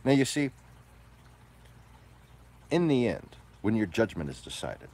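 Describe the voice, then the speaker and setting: A man delivering a profane, combative ranting monologue, moving between low mutters and loud outbursts. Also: sing-song, measured pace.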